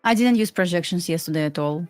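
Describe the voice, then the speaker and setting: A woman's voice: on the low side, fast talker, a little mellow, no echo, faint music behind. A woman from Belarus with a Russian accent, a trader co-hosting a live stream in casual chat, who often stops and restarts her sentences. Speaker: trader co-host.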